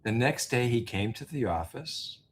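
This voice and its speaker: A man, an interview guest, telling a story in a casual, halting way, full of fillers and restarts. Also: mid-range voice. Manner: animated, laughing storyteller. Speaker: interview guest, business founder.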